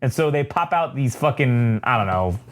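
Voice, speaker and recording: A man's voice: medium pitch, expressive, moderate pace. A man hosting a comic book podcast, recapping in a rambling, profane, laughing casual chat.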